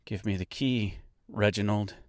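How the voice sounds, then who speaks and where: A man's voice: medium pitch, slow pace, a little mellow, dry recording, clean studio sound, pitched above the performer's own voice, natural voice. A man voicing a stern, impatient young woman heroine in an audiobook, speaking with exasperation.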